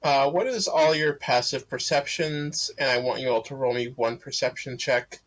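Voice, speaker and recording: A man narrating as dungeon master in a tabletop game, relaxed, with frequent fillers. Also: mid-range voice, moderate pace. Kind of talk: running a tabletop game over a live stream.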